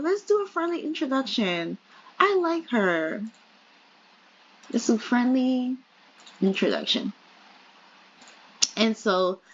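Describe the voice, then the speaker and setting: With a fairly bright, medium-pitched voice, this woman casually comments on a life-simulation game as a let's play gamer. She stays chatty and acts out her characters' small talk in quotes, and the lo-fi recording sounds slightly dull.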